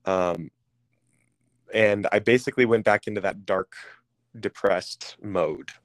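A man candidly telling a personal story as an interview guest, pausing often with ums and restarting phrases. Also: on the low side, no echo. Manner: halting, with frequent ums and restarts.

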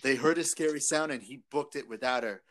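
A man's voice: medium pitch, a little fast, very noisy. A man hosting a casual chat, asking short questions and cracking jokes. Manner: reactive, joking, asks short questions.

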